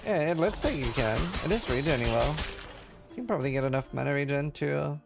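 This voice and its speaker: A man's voice: fairly high pitch, a little fast, gravelly, over music. A man streaming a game, chatting casually and thinking aloud as he plays. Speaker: gaming streamer. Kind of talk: casual gameplay commentary.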